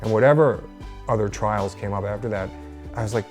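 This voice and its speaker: A man's voice: fairly low pitch, brisk, darkish tone, faint music behind. A man giving a personal faith testimony in an interview, telling his story earnestly and acting out the voices of people he quotes. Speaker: interview guest.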